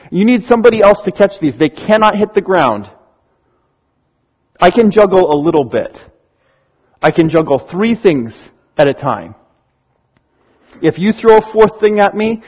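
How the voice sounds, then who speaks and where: A man, a church elder, preaching a sermon in an earnest, pastoral way with slow, emphatic pauses. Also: sits high, slightly rough, lo-fi sound.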